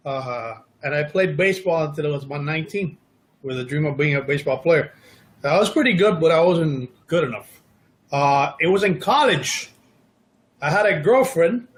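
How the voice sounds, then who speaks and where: A middle-aged man, an actor guest in an interview, telling stories in a casual, self-deprecating, joking way. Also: fairly high pitch.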